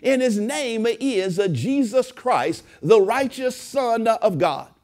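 A man preaching a sermon in a high voice that leaps and swoops across a wide range. He drives his points home with repeated, rising phrases, pastor-style. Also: animated, slow pace, darkish tone. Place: church.

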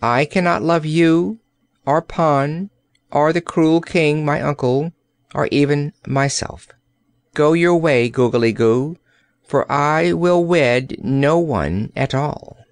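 A man's voice: fairly high pitch, clean tone, dry recording, pitched above the performer's own voice. A man doing an icy, aloof princess. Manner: calm, cold, measured. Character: cold-hearted young princess, aloof and calm.

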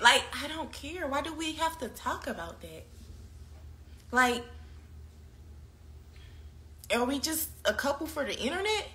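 A young woman with a high, bright, cutting voice vents about a breakup in a heated, profane rant. She curses freely and repeats her complaints again and again for emphasis. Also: expressive, a little slow, long pauses. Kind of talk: candid venting about a breakup.

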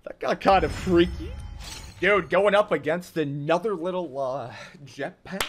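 A man's voice: high-pitched, measured pace, a crowd in the background. A man streaming a mobile shooter game, giving hyped, slangy live commentary and talking to his chat. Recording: loud gunfire from the game behind the voice.

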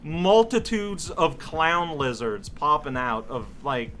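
A man giving casual gameplay commentary, muttering to himself and bursting into exasperated shouts. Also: fairly high pitch, slow. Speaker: let's play commentator.

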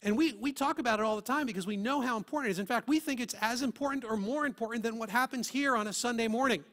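A male pastor delivering a sermon in a church. His voice runs high and bright, and he presses his points with earnest rhetorical questions. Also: fast.

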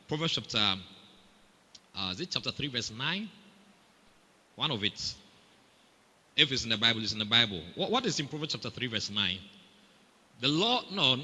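A man preaching a sermon in a Ghanaian English accent, animated and calling out to the congregation for responses. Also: lowish voice, big-room sound.

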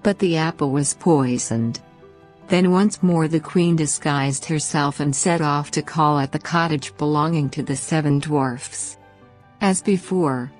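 A woman narrating a bedtime fairy tale in a slow, gentle, expressive reading. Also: sits low. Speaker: storyteller.

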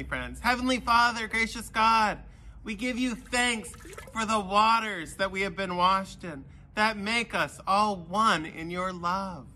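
A man giving a children's sermon, telling a Bible story with animated voices for the characters. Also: high voice, a little hiss or hum. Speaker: pastor.

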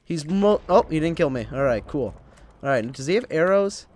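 A man's voice: fairly high pitch, expressive, normal speed, a little mellow. Chatty young man narrating gameplay. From Illinois, United States. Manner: rambling, chatty, self-talking while playing. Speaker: gaming channel host. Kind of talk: casual gameplay commentary.

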